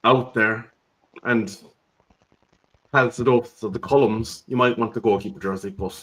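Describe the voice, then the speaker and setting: A man's voice: lowish voice, steady tone, measured pace, a bit bright, low-quality recording. A man, hosting a casual live stream in a chatty, joking way and reading out viewer comments.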